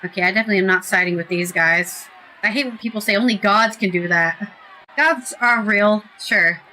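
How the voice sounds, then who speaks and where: Bright-voiced self-mocking woman streamer. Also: mid-range voice, a little fast, low-quality recording. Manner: self-deprecating, laughing at herself. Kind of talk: casual gaming stream commentary.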